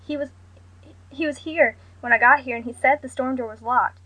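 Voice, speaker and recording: A woman doing a frantic, shrill mother in tears. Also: normal speed, sharp tone, low-quality recording. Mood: panicked. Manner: shrill, stammering, panicked. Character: frantic sobbing middle-aged mother.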